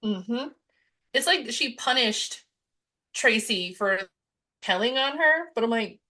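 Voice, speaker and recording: A woman's voice: fairly high pitch, lively intonation, pushed and bright. Young woman cohosting a podcast, chatty, acts out quotes as she recaps. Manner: chatty, retells scenes in quick quoted voices. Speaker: podcast co-host. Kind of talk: casual chat about a movie.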